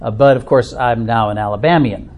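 A middle-aged man with an Upper Midwest American accent talks to a small group in a meeting room. His voice sits at an ordinary mid pitch, and his manner is casual and self-deprecating, with plenty of ums and uhs. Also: brisk, a little mellow. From Minnesota. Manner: chatty and self-deprecating, many fillers. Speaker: church discussion leader. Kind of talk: informal talk to a small group.

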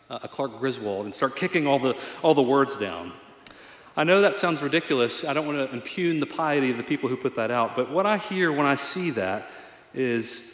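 A man preaching a sermon as a pastor, conversational and earnest, with a self-deprecating touch. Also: medium pitch. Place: church sanctuary. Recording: echoey hall reverb.

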